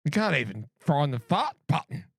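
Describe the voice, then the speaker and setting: A man's voice: a little high, big pitch swings, normal speed, creaky, a bit bright, husky. A man co-hosting a podcast, blokey and sweary in casual chat. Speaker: podcast co-host.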